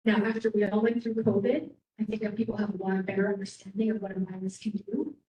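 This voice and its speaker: A woman's voice: medium pitch, level tone, warm tone. Woman keynote speaker, Canadian accent, frank and emphatic, recorded from a distance in a roomy hall. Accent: Canadian English. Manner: casual and frank, with quick laughs and emphatic repetition. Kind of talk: motivational keynote speech. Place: large hall. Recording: echoey hall, mic at a distance.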